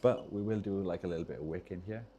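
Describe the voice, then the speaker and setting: A man fixing controllers on stream talks at a quick pace as he solders, drifting from topic to topic and interrupting himself when he loses the thread. He has a very low, gentle, mellow voice, and a faint hiss sits under the recording.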